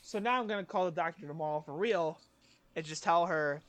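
A man's voice: a little high, a little fast, dry recording. A young man co-hosting a podcast, telling a rambling story with casual swearing. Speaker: podcast co-host. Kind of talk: casual chat.

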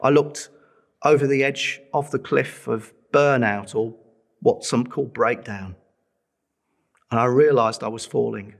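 A man's voice: medium pitch, measured pace, gravelly. A middle-aged man preaching a sermon, telling a personal testimony with earnest feeling and pleading with listeners to respond.

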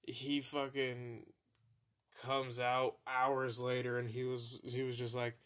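Young man, podcast host, casual storytelling, profane, unhurried, mid-pitched. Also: monotone, a bit bright. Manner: profane, laughing at his own embarrassing stories.

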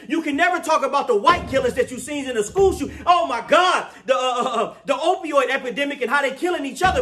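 A man's voice: very high-pitched, a bit bright. A man giving an impassioned scripture lesson, emphatic, often laughing and asking his listeners to confirm. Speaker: religious teacher.

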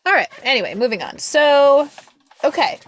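A young woman co-hosting a podcast, chatting casually with lots of fillers and quick asides. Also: high-pitched, big pitch swings. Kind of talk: casual chat.

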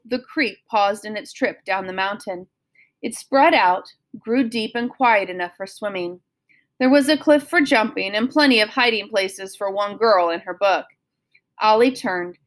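A woman reading a children's novel aloud in a steady, expressive storytelling manner. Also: mid-range voice. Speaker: audiobook reader.

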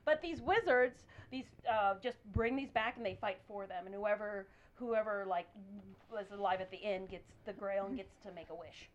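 A woman chatting casually in a group podcast, excitable and rambling, full of fillers. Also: medium pitch, normal speed, highs cut off, slight background noise. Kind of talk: casual chat.

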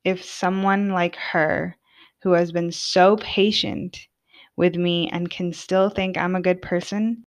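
A woman's voice: lowish voice, muffled recording. A young woman hosting a podcast, talking casually and from the heart, with lots of filler words. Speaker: podcast host. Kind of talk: personal monologue.

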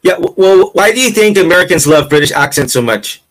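A man's voice: high-pitched, animated, brisk, a bit bright, low-quality recording. Playful, rambling male interviewer. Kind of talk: casual interview.

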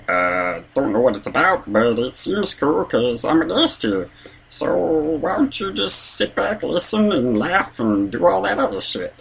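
A man doing an impression of a dim, childish cartoon creature in a high, croaking voice. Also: fairly bright tone, exaggerated voice.

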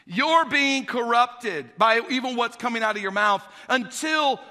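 A male pastor preaching a sermon, swinging between quiet, conversational asides and loud, shouted exhortation. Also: extremely high pitch, lively intonation, unhurried, big-room sound.

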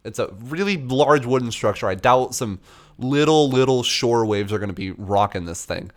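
Animated man telling a story. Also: moderate pace. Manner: animated, swearing, acts out dialogue in a higher voice. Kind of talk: casual storytelling.

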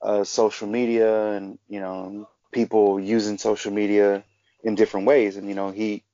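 A man's voice: lowish voice, level tone, moderate pace, dark tone, no echo. A man co-hosting a casual podcast, rambling through anecdotes with many fillers. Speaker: podcast co-host. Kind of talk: casual chat, storytelling. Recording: dull lo-fi sound.

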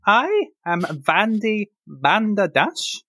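A man's voice: high voice, big pitch swings, drawn-out words, pushed and bright, no echo, studio quality, pitched above the performer's own voice, heavily acted. A man voicing a fussy, cheerful priestess-healer with a raised, prim voice. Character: fussy male priestess-healer, chirpy and proper.

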